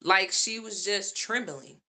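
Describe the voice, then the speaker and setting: A woman's voice: mid-range voice, expressive, slow, sharp tone. A woman vlogger in a casual monologue, talking straight to her viewers and repeating points for emphasis.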